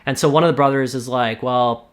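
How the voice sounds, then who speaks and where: A man from Canada lays out a story idea in relaxed, conversational speech. His voice sits in an ordinary middle pitch. He keeps jumping into quick, lively voices for the characters as he goes. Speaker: YouTuber pitching a movie idea. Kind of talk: casual spoken pitch, acting out dialogue.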